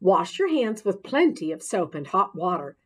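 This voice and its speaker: A woman reading aloud voices a calm female schoolteacher who explains things patiently. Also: mid-range voice, moderate pace, slightly rough. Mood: instructing. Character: calm, instructive female schoolteacher, middle-aged.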